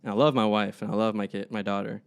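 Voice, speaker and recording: A man's voice: on the low side, fast, gravelly, clean tone. A young man, a podcast co-host, telling stories in a casual chat and acting out the people in them. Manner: animated, acts out people in his stories.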